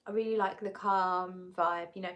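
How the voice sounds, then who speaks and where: A woman's voice: lowish voice, steady tone, moderate pace, lo-fi sound. Woman chatting on a live stream, reading out comments, giggly, keeps correcting herself. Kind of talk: casual chat.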